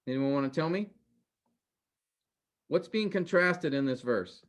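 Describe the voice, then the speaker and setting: Higher-voiced man teaching a class. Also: animated, measured pace. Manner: conversational, quizzes students with questions. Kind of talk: interactive class lecture.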